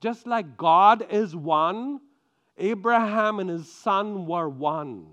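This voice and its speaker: A man preaching a sermon, with emphatic stresses that drop into quiet, drawn-out lines. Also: high-pitched, lively intonation, muffled recording.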